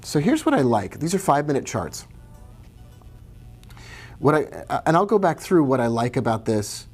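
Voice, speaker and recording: A man's voice: medium pitch, sing-song, moderate pace, soft background music. A man hosting a live trading stream, chatting casually, reading viewer questions and greeting them by name as he walks through charts.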